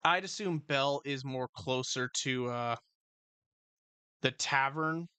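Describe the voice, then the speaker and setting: Slow-talking bright-voiced game master. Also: male voice, mid-range voice, clean tone, no echo. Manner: halting, filler-heavy narration with frequent laughs. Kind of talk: narrating a tabletop game.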